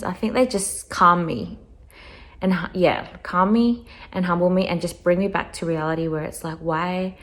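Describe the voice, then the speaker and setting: A young woman talking casually to camera in a vlog, rambling and sentimental, full of "like" and "I don't know". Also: fairly low pitch. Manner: soft-spoken, sentimental. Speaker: vlogger. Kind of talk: casual reflective talk to camera.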